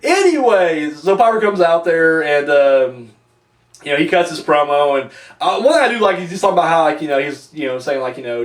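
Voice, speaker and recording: Rambling, high-pitched male reviewer. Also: sing-song, brisk. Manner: rambling, profane, lots of fillers. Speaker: wrestling reviewer. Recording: echoey room, mic at a distance.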